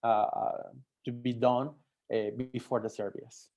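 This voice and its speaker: Halting Mexican man telling his story. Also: medium pitch, little pitch movement, warm tone. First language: Spanish. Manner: halting, many restarts and fillers. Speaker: French teacher. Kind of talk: personal talk to language learners.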